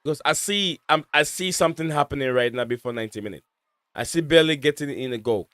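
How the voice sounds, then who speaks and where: Smooth, dry-voiced man chatting over a match. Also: on the high side, quick pace, a bit bright, no room sound. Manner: chatty, rambling, many fillers and restarts. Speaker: watch-along host. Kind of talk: casual live match commentary.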